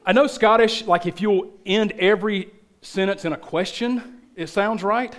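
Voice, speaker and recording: A man with a thick Southern accent preaching a sermon as a pastor, telling stories with animated emphasis. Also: sits high, moderate pace.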